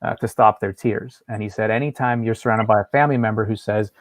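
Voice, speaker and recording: A man's voice: lowish voice, steady tone, fast. A man speaking as a guest in an interview, earnest and thoughtful, telling stories to make his points. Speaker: guest educator. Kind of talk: casual conversational interview.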